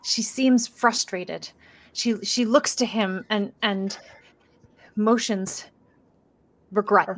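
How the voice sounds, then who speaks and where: A woman narrating as game master of a tabletop game, dropping into hushed whispers for eerie scenes. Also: mid-range voice, takes it slowly, long pauses.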